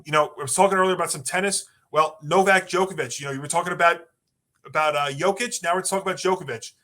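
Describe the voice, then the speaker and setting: A man's voice: on the high side, fast talker, bright, forceful tone. A man co-hosting a sports podcast, chatty and rambling through his points. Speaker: podcast co-host. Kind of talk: casual sports talk.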